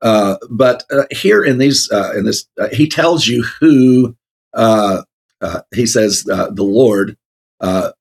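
A man's voice: fairly low pitch, slow pace, vocal fry, a little mellow, husky. A man co-hosting a casual Bible discussion, rambling with many fillers and frequent laughs. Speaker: co-host of a Bible talk show.

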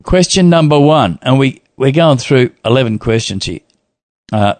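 A man in casual conversation, reading out a long listener email and breaking off to joke and laugh. His voice sits at an ordinary middle pitch. The recording is close and dry, with no room sound. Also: expressive, moderate pace, darkish tone, no echo. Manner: chatty, laughs often, playful asides. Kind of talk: casual chat.

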